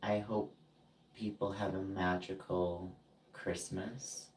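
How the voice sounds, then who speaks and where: Deep, slow man venting in a roomy space. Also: level tone, a little hiss or hum. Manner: ranting, indignant, halting with frequent fillers. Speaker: vlogger. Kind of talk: emotional personal vent. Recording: roomy, distant from the mic.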